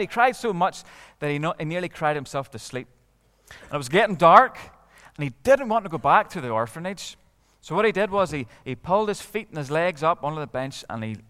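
Northern Irish male storyteller, expressive, slightly high voice, hall with long echo. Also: smooth. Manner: lively, expressive, with dramatic hushes. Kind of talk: telling a story to a live audience.

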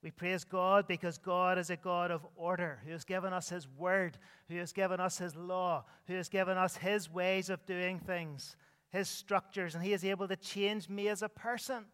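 A man's voice: high-pitched, steady tone, moderate pace, a bit bright, smooth, big-room sound. A man preaching an earnest sermon as pastor, his voice rising and dropping with emphasis. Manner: earnest preaching with sweeping rises and drops.

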